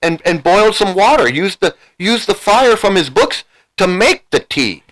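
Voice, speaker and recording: A man's voice: sits high, big pitch swings, normal speed, fairly bright tone, rough recording. A man in his sixties telling a story in a rambling, casual way, full of restarts and repeated words, with the odd swear. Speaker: vlogger recounting his past.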